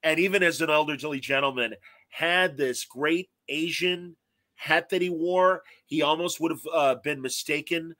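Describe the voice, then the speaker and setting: A man's voice: on the high side, measured pace, no room sound. A man in his fifties, a guest telling stories in casual chat and acting out quotes. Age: 50s. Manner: animated storyteller acting out quotes.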